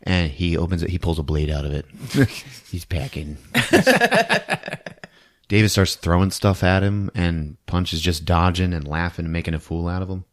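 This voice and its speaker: Laughing, animated male podcast host. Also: low-pitched, normal speed, pauses often. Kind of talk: casual movie plot recap.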